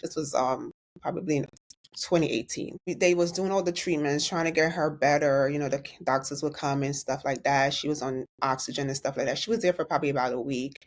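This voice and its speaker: A woman's voice: sits low, fairly quick. A woman from New York, a registered nurse, telling an earnest and candid story as a guest in an interview.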